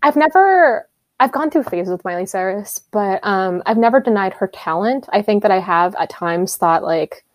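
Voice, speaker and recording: A woman's voice: medium pitch, expressive, normal speed, dry recording. A young woman co-hosting a podcast in casual chat, chatty and playful, laughing often. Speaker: podcast co-host.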